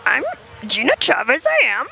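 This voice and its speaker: A woman putting on the voice of a small wise old alien master, with a croaky, gravelly sound and inverted phrasing. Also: high-pitched, wildly swooping pitch, moderate pace, sharp tone, some chatter behind, slight background noise, full character voice. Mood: playful. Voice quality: gravelly, creaky. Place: outdoors at a festival.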